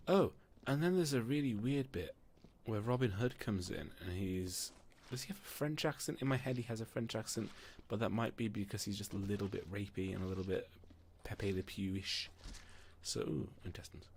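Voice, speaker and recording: A man's voice: fairly low pitch, lively intonation, normal speed, slight background noise. A man narrating a tabletop game as game master in a casual, rambling way, often stopping to ask himself questions. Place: room, alone.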